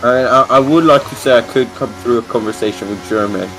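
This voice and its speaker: A man commentating a live sim race, excitable and chatty with casual swearing. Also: medium pitch, quick pace, slight background noise.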